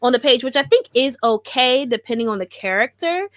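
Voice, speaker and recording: A woman co-hosting a podcast in casual chat, playful and quick with asides. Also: high voice, expressive, fairly bright tone, no room sound. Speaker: podcast co-host.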